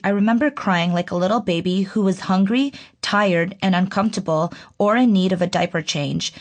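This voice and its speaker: A woman narrating her own audiobook in an earnest, reflective, measured way. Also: mid-range voice. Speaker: author reading her own book.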